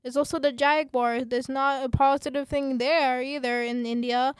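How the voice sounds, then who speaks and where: A woman hosting a student radio podcast, talking with passion and many fillers, then reading her script in a calmer presenter voice. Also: high voice, normal speed, clean tone, no echo, clean studio sound. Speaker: podcast host.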